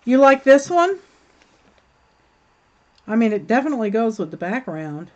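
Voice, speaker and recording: A woman's voice: fairly high pitch, sing-song, moderate pace, a little mellow, highs cut off. A woman hosting a crafting livestream, chatting casually and thinking aloud while she works, reading comments and laughing at them. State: hiccups.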